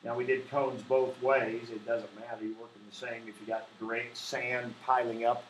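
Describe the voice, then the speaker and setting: A male math teacher lecturing his class in a casual, meandering way, stressing key words and filling pauses with "um" and "you know". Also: mid-range voice, flat delivery, slight background noise. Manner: informal, many fillers, emphatic stresses. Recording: echoey classroom.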